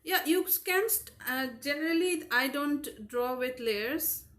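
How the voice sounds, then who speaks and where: A woman's voice: high-pitched, animated, a little slow, fairly bright tone. A young woman from Southeast Asia chatting frankly and at length while she paints on a live stream. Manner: rambling and frank. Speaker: digital artist streaming live. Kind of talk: casual chat while painting.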